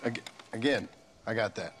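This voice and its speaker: An actor voicing a gruff, guarded male cowboy outlaw in a western video game, talking curtly and plainly. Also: on the low side, moderate pace, fairly bright tone, a little hiss or hum, natural voice. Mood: terse. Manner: curt, plain-spoken. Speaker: game character.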